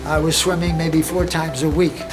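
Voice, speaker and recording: Older senior swimmer, halting casual reminiscence over faint music. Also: mid-range voice, flat delivery. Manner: halting, many "uh" fillers.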